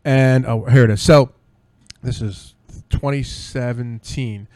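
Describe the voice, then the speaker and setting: Tipsy man hosting a podcast, excitable. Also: mid-range voice, a little slow, no room sound. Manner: excitable, swears freely, rambling anecdotes. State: tipsy from drinks. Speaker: podcast host. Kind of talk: casual podcast chat.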